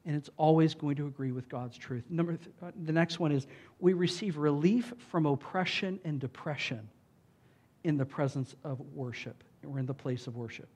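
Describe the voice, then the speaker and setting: High-voiced man preaching conversationally. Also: moderate pace. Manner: conversational preaching with frequent "like" and "right?"; loud emphatic bursts when reading scripture. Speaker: pastor. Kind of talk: sermon.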